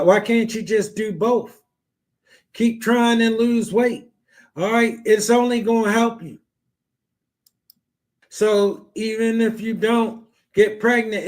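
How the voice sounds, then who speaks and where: Male podcast host, very high-pitched, blunt and repetitive. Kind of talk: blunt advice talk.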